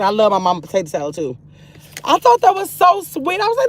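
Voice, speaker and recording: A woman's voice: medium pitch, a little fast, a little hiss or hum. Chatty older woman livestreaming from a car. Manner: chatty and excitable, swinging from sweet to sassy. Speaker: livestream host reading chat. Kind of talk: casual livestream chat. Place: parked car. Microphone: phone.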